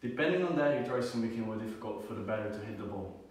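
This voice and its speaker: A young man giving a student class presentation, halting often with fillers and restarts. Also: on the low side, lively intonation. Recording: echoey room, far from the mic.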